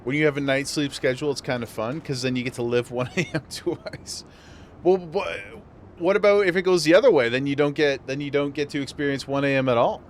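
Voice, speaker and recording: A man's voice: fairly high pitch, steady tone, brisk, a little hiss or hum. Chatty man streaming a game. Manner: chatty, laughs often, reads game text aloud. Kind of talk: casual live-stream chat while gaming.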